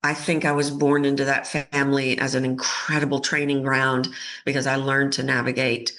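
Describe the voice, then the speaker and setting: A woman's voice: extremely low pitch, moderate pace. A woman voice coach giving an interview on a podcast, talking expressively and acting out the voices of people in her stories. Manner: expressive, acts out quoted voices. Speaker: voice coach guest.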